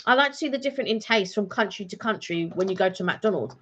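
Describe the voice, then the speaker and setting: A woman's voice: mid-range voice, lively intonation, quick pace, slight background noise. A woman co-hosting a casual live-stream vlog chat, rambling and chatty with plenty of ums and restarts. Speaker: vlog co-host. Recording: dull lo-fi home stream audio.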